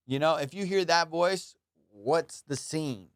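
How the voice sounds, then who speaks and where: A man hosting a podcast, telling profane, rambling comic stories in a casual, animated way. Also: a little high, unhurried, clean tone, no echo, clean studio sound. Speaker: comedian and podcast host. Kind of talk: casual comedic storytelling. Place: Los Angeles.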